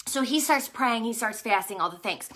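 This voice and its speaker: High, bright, animated woman storyteller. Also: moderate pace. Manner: animated, excitable, talkative storyteller. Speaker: ministry leader and vlogger. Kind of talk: casual storytelling on a livestream.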